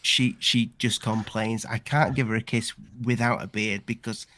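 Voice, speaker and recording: A man's voice: on the low side, steady tone, normal speed, pushed and bright, dry recording. Guy hosting a live stream chat, rambly, keeps restarting sentences, dry close sound. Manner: chatty, rambling, many restarts. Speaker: channel host. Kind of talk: casual live discussion.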